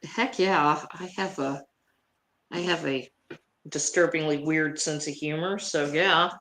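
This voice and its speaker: Brash, bright-voiced woman telling a story. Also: low voice, steady tone, a little slow, slight background noise. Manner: brash, blunt, swears freely. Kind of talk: casual chat, storytelling.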